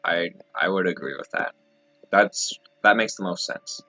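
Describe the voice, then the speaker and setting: A man's voice: low voice, unhurried, sharp tone. A young man streaming a video game, chatting in a jokey way with lots of fillers and reading game text aloud. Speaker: streamer, indie game developer. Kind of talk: casual let's-play commentary, reading game text aloud. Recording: dull lo-fi mic with game music.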